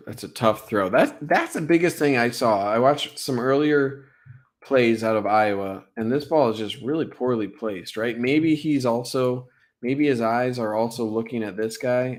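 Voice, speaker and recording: A young man casually breaking down football film on a live stream, excitable and full of fillers like "like" and "right?". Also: medium pitch.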